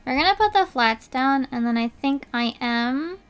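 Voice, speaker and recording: A woman's voice: sits high, expressive, normal speed, clear, resonant tone, soft background music. A young woman streamer chatting casually while she draws, telling an indignant story with lots of filler words.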